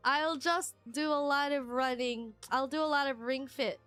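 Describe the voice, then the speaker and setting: A young woman streamer chatting casually with her viewers, rambling and excitable, squealing whenever she thanks someone. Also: high-pitched, unhurried, hardly any pauses, soft background music.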